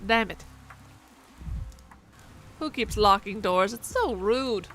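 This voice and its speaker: A woman's voice: medium pitch, expressive, slow, a bit bright. A woman streamer playing a video game, joking, swearing and talking back to the characters as she reads their lines aloud. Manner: jokey, swears freely, talks back to the game. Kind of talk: casual let's-play commentary, reading game dialogue aloud.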